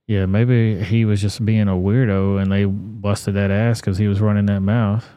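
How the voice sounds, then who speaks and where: A man's voice: fairly low pitch, level tone, moderate pace, clear, resonant tone, dry recording, dull audio. A man hosting a casual livestream, reacting to videos and reading chat with crude, blunt, profane talk. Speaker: livestream host.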